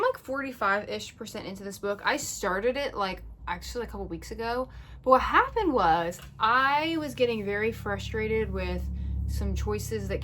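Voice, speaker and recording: A woman's voice: mid-range voice, fairly bright tone, slight background noise. A young woman chatting casually about books she plans to read and ranting about characters, filling her talk with "like". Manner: chatty, lots of "like", ranting and exasperated in the clip. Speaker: book vlogger. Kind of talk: casual reading vlog chat. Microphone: phone propped up.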